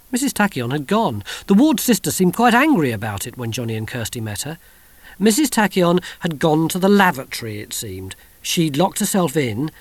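A man reading an audiobook in an expressive style, voicing many characters. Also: a little high, dry recording. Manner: expressive, animated. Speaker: audiobook narrator.

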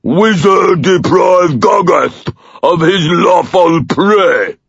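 A man voicing a hulking, greedy male troll in an audiobook, with a gravelly, rumbling voice, broken speech and slow, drawn-out bellowing. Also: no room sound, dull audio, heavily acted. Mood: menacing. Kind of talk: audiobook character voice.

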